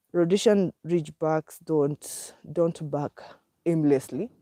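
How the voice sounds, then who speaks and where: A Kenyan woman talks slowly in a low, mellow voice while walking outdoors with her dog. She is out of breath and chatty, with many fillers and small laughs. The sound is dry and close. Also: no room sound. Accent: Kenyan English. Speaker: vlogger. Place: outdoors on a walk, hills and woods.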